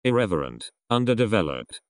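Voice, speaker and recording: A man with a low, deep voice reads English vocabulary aloud one word after another. His intonation swings widely, and he lets his pitch fall at the close of each group of words. The sound is dry and close, with no room echo. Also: sing-song, a little fast. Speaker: vocabulary list reader. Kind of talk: reading a word list aloud.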